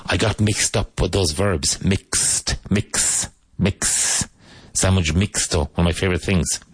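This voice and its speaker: A man hosting a radio-style English lesson, repeating words slowly and pointing out which syllable takes the stress. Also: low-pitched, husky, no echo. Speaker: English teacher.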